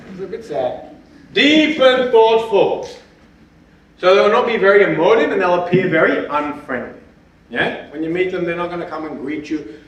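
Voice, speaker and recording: A spiritual teacher with a high voice gives an animated, anecdote-filled talk in a lecture hall at a festival symposium, laughing often and ending points with a questioning "yeah?" to check in with listeners. The hall is very echoey, and he stands far from the mic.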